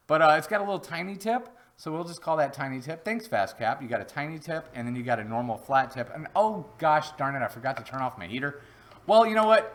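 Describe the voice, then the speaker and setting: A man hosts a casual live-stream product review from home. He talks at an ordinary, mid-range pitch for a man and rambles along in a chatty, joking way. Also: a bit bright. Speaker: host.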